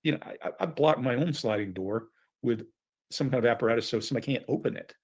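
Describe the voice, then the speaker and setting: A man's voice: medium pitch, quick pace, a little mellow, slightly rough. A man with interrogation experience talking through a case on a true crime panel in a casual, analytical way. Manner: analytical, questioning.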